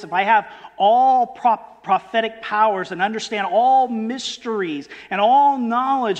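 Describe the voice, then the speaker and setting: A man preaching a sermon, emphatic, rising on quoted verses and dropping low on key words, and asking his listeners rhetorical questions. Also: long reverb tail.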